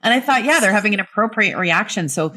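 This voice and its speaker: A woman in her fifties, a company founder, talking openly as a podcast guest with expressive delivery. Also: medium pitch, fast talker. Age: 50s. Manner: expressive, swooping intonation. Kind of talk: casual conversation.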